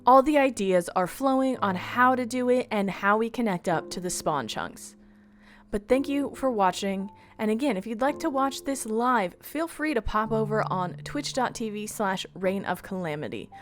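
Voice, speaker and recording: A woman's voice: on the high side, animated, normal speed. A woman streamer reading an upbeat scripted voice-over recap of her game week.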